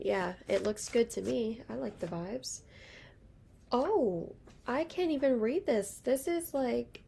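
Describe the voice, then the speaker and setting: Young woman, casual tarot reader, rambling and chatty, gravelly fry. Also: fairly high pitch, darkish tone, a little hiss or hum. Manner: chatty, rambling, lots of fillers. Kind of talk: casual tarot reading to camera.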